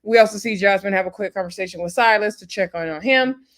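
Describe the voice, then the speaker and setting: A woman's voice: medium pitch, quick pace. Chatty, gossipy woman recapping TV. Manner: animated, gossipy, laughs often. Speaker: reality TV recap vlogger.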